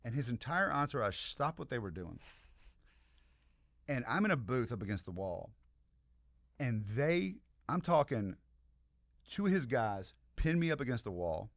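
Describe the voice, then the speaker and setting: An American man and podcast guest telling an animated, rambling story in casual chat, with many asides to the listeners. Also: mid-range voice, unhurried, pauses often, no room sound, studio quality. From United States.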